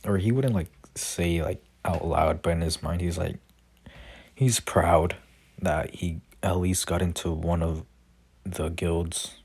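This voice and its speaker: A man's voice: sits low, fairly even intonation, takes it slowly, creaky, husky. A young man casually retelling his own fan story, rambling with many fillers and restarts. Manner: reads character lines quietly without voices.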